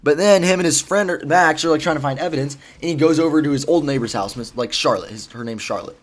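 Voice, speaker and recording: A man's voice: fairly high pitch, fast. A man casually retelling a story, rambling with lots of fillers and swearing. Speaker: vlogger.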